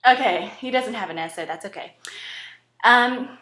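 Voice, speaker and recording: A young woman hosting a playful comedic audition, chatty and animated. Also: fairly high pitch, moderate pace. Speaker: host audition contestant. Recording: roomy echo.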